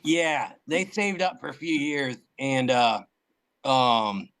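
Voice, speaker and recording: A man's voice: medium pitch, lively intonation, slow pace, a bit bright, rough recording. A man guest on a podcast, telling a long anecdote in casual chat, full of fillers and restarts.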